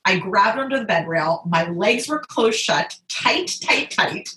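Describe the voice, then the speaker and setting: A woman casually telling a personal story, animated and often laughing. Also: a little slow. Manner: animated, laughs often, quotes others in high voices. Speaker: guest telling her birth story. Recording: echoey room.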